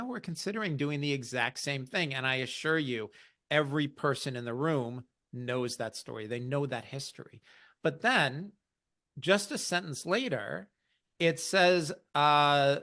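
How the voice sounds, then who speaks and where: Bright-voiced man explaining markets. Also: medium pitch. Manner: explanatory, wry, quotes others in mock voices. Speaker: investing podcast host. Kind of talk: casual market commentary.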